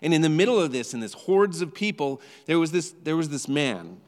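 A male pastor giving a sermon in a conversational, animated storytelling way, often repeating words as he goes. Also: a little high, fairly quick, big-room sound.

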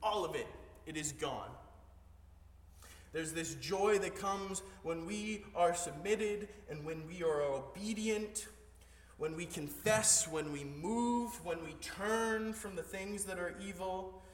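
A man's voice: sits high, slow, slight background noise. Male pastor preaching in an echoey hall. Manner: swings from hushed storytelling to rising emphatic preaching. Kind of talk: sermon with storytelling. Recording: echoey hall, voice heard from a distance.

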